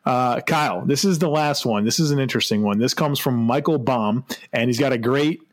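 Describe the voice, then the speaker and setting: A man's voice: medium pitch, a little fast. A man co-hosting a casual sports podcast, laughing often and restarting his sentences. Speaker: podcast co-host.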